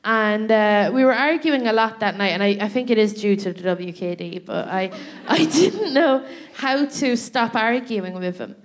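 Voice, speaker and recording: Her voice is a little high and relaxed in pace. The Irish comedy podcast co-host tells a story on stage at a live show, chatting easily, laughing a lot, and checking in with "right?" as she goes.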